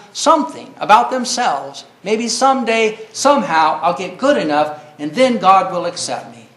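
High-voiced man preaching a sermon. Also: a bit bright, roomy sound. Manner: earnest preaching, rising to cries when quoting.

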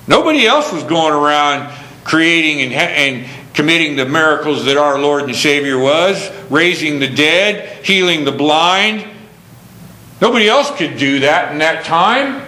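A man preaching a sermon, earnest, swinging from emphatic questions down to low, slow passages. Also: lively intonation, sharp tone, reverberant, poor audio.

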